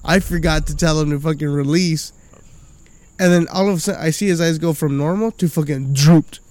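Man, slightly high voice, casual, profane, storytelling, studio chat. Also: brisk, darkish tone, dry recording. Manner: profane, laid-back storyteller, acts out quotes. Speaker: podcast co-host.

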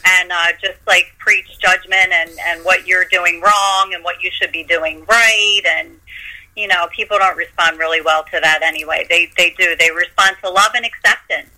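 Bright-voiced woman radio guest. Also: fairly low pitch, fairly even intonation, normal speed, rough recording. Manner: agreeable, backchannels often. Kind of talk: casual interview chat. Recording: radio broadcast.

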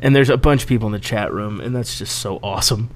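This podcast co-host trades crude, casual banter, animatedly telling stories while swearing and laughing a lot. His voice is on the low side and fast, with a bit of background noise behind it.

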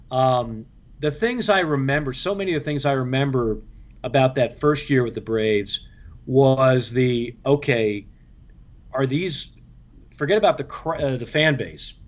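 A man, a baseball radio play-by-play broadcaster, telling anecdotes in an interview in a lively way, acting out the voices of others and often restarting his sentences. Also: medium pitch, muffled recording. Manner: lively, acts out quoted voices, frequent restarts.

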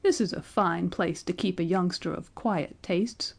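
A woman's voice: medium pitch, very animated, moderate pace, a little mellow, pitched above the performer's own voice. A woman voicing a querulous, complaining old man who has just been born, whining and quavering as he speaks. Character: querulous old man, newborn, whiny and demanding.

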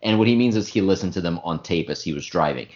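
A man's voice: deep voice, animated, fast, darkish tone. A man co-hosting a podcast in casual chat, emphatic and opinionated. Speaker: podcast co-host. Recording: dull lo-fi sound.

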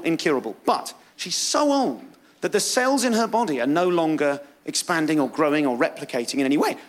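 A British man doing a live stand-up set on a club stage, self-mocking and lively, acting out voices as he talks. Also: high voice. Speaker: stand-up comedian.

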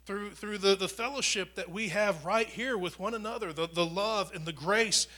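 A pastor preaching a conversational sermon, swinging from loud proclamation down to near whispers, often repeating and restarting words. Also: male voice, high-pitched, normal speed. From United States.

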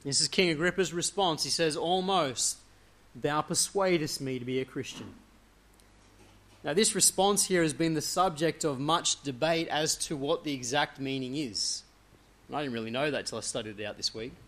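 A man delivers an earnest expository sermon in a voice that sits a little higher than most men's. He reads a passage aloud, then explains it point by point, often letting his sentences sink lower and softer as they close. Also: brisk. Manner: earnest expository preaching, leaning into quoted scripture. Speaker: preacher.

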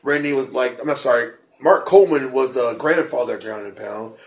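A man telling a story in casual chat, excitable and rambling, often repeating words and restarting. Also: medium pitch, fairly quick. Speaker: podcast co-host. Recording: echoey room with faint noise.

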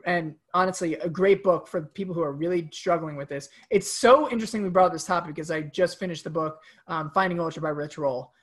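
A man's voice: fairly high pitch, fast talker, few pauses. Een man die een podcast presenteert, losse geanimeerde babbel met veel gevloek. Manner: animated, swears freely. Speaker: podcast co-host. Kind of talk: casual podcast chat.

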